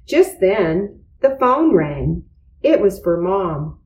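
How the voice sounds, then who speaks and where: A woman slowly reading a children's storybook aloud. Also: mid-range voice, big pitch swings, darkish tone, roomy sound, dull audio. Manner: slow, deliberate. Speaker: reader.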